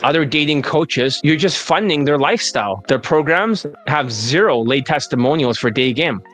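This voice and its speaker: Male dating coach, assertive and salesy, a bit high-pitched, ranty pitch over soft background music. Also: lively intonation, normal speed. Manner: assertive, salesy, turns into a rising rant. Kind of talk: sales pitch answering viewer questions.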